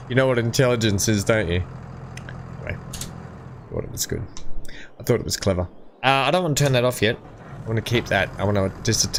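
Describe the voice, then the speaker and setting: A man's voice: medium pitch, fairly bright tone, slight background noise. A middle-aged man giving casual, rambling commentary while playing a farming game, chatting with viewers and laughing at his own jokes. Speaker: gameplay streamer.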